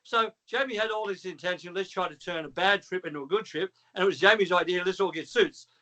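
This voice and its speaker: A former trainer calling in as a guest tells a long story, speaking high and quick. He's animated, swears a lot, and acts out the dialogue. The recording cuts off the highs.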